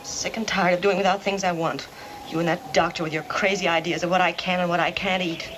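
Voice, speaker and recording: A woman's voice: fairly low pitch, level tone, fairly quick, a bit bright, slight background noise, natural voice. An actress in an old film playing a petulant woman who complains resentfully. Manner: whining, resentful. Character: petulant woman complaining about her diet.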